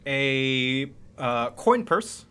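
A man's voice: mid-range voice, big pitch swings, drawn-out words, sharp tone, clean tone. A man narrating as game master in a loose, rambling way.

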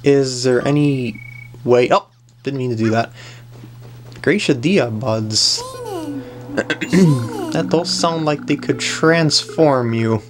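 A woman's voice: a bass voice, takes it slowly, pauses often. A woman giving playful, chatty commentary on a video game she is playing, often talking to the characters on screen. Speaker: gaming commentator. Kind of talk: let's play commentary. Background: faint game music.

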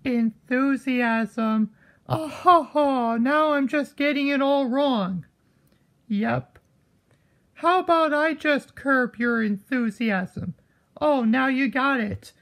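A woman's voice: high-pitched, slow, vocal fry. A woman improvising a rambling skit with stuffed animals, switching between characters and chuckling. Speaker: puppeteer voicing stuffed animals.

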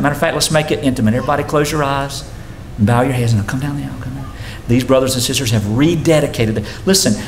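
A man preaching a sermon as a pastor. His voice climbs and falls sharply as he preaches. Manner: preaching with sudden rises and drops in pitch. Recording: echoey room sound with faint noise.

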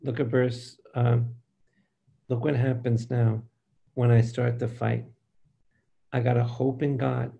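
An older man, a priest, preaching a Bible study slowly and emphatically, speaking straight to his listeners and asking them for amens. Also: medium pitch, level tone, creaky, warm tone, husky, dull audio. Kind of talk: preaching to a live group.

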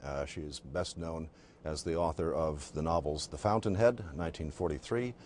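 Very deep-voiced man explaining, pausing often. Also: a little mellow, a little hiss or hum. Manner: explanatory, with frequent uh and um pauses. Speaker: author and guest. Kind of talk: interview answers.

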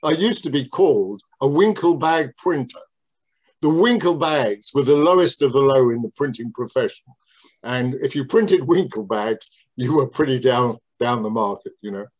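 A man's voice: medium pitch, animated, moderate pace, a little mellow. An older man reminiscing in an interview about how he started in business, talking in a rambling, digressive way with many restarts.

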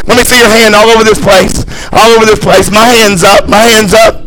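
A man's voice: high voice, little pitch movement, brisk, hardly any pauses. A man preaching a sermon as pastor in a church, fervent and repetitive, leading into an altar call, recorded from a live stream. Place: church sanctuary.

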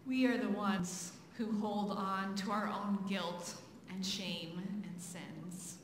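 A woman pastor speaks slowly and earnestly, closing a sermon with a prayer. Her voice rings through an echoey church sanctuary with a long reverb tail and a faint hum behind it. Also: mid-range voice, fairly even intonation.

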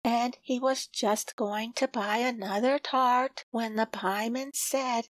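A woman narrates a children's storybook at a slow, unhurried pace. Her voice sits a little high and sounds dry and close to the mic, with no room around it. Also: steady tone, no echo, rough recording. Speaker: audiobook reader.

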